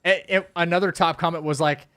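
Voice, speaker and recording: A man's voice: fairly high pitch, steady tone, a little fast, sharp tone, clear, resonant tone. Rambling young man streaming a game. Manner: rambling, muttering to the game between stories; laughs often while telling stories. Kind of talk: casual live-stream chat.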